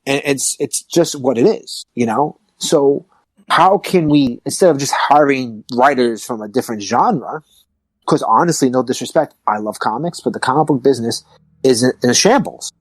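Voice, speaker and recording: A man hosting a podcast in casual chat, talking in an animated, emphatic way that rises to excited peaks. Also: mid-range voice, normal speed, no echo, rough recording. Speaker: podcast host.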